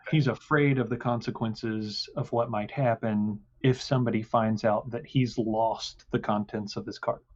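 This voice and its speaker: A man narrating a tabletop game as game master, pausing often with fillers. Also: fairly low pitch, steady tone, a little mellow. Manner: halting, many fillers. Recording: dull lo-fi sound.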